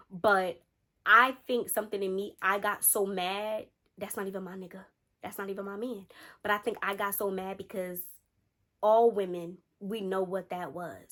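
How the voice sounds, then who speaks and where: A young adult woman, telling a storytime tale casually and acting out the lines of friends and a boyfriend. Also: medium pitch. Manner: animated, acts out friends' and a man's lines in quotes. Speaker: storytime vlogger.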